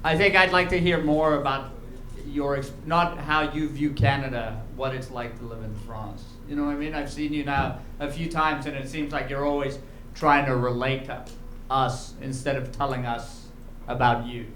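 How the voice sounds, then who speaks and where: A man's voice: medium pitch, steady tone, moderate pace, slight background noise. A man hosting a comedy club, giving blunt, teasing feedback to comedians on stage. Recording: echoey club with loud crowd.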